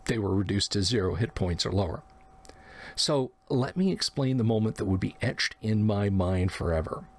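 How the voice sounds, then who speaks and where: A man's voice: fairly low pitch, moderate pace. A man narrating a personal memory of his first tabletop game, acting out the quoted lines in between. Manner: reflective, acts out quoted lines. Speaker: podcast narrator. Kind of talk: storytelling memoir.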